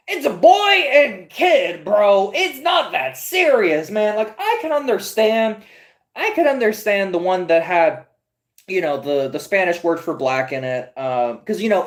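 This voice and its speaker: A comics podcast host, a woman in her twenties, reads aloud from a screen while chatting casually, profane and incredulous, stammering through restarts in rambling commentary. Her voice is mid-range and the sound is roomy.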